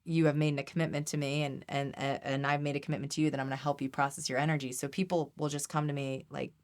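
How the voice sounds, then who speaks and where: A woman's voice: sits low, level tone, fast. A woman energy healer as a podcast guest, explaining in an earnest, teaching way with frequent restarts. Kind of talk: podcast interview.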